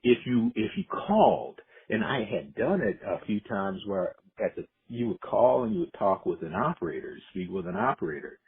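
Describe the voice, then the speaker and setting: A man's voice: on the low side, huge pitch swings, moderate pace, vocal fry, few pauses, slightly rough. A man from Decatur, Illinois, an educator, telling his life story in a reflective oral history interview with frequent restarts. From Decatur, Illinois, USA. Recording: muffled phone-like audio.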